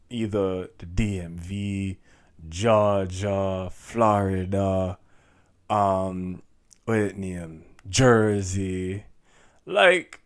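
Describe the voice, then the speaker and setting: A young man, hosting a podcast as a casual, chatty monologue. He laughs often and peppers his talk with "yo" and "like". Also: on the low side. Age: young adult. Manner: laid-back, chatty, laughs often, says "yo" and "like". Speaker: podcast host.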